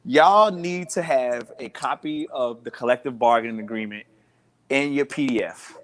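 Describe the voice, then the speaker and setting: A man's voice: mid-range voice, moderate pace. A man co-hosting a casual sports chat over a Wi-Fi call from a hotel room, laid-back and given to repeating himself.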